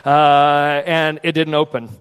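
A man preaching a sermon in a church, telling a personal story in an animated, conversational way. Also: on the high side, slow, clean tone. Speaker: pastor. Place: church sanctuary. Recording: long hall reverb.

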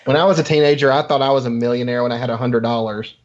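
A man's voice: mid-range voice, steady tone, very fast. A man chatting casually as a guest, with a dry joking manner. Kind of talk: casual chat. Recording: dull lo-fi sound.

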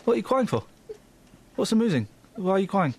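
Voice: mid-range voice, very animated, fairly quick, a little mellow, breathy edge. A radio presenter, teasing studio colleagues in playful, mock-confused banter.

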